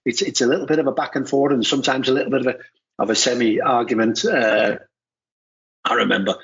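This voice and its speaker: A middle-aged former footballer talking as a pundit in casual podcast chat, rambling with restarts and tag questions. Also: male voice, medium pitch, fairly even intonation, quick pace, a bit bright. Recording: muffled lo-fi audio.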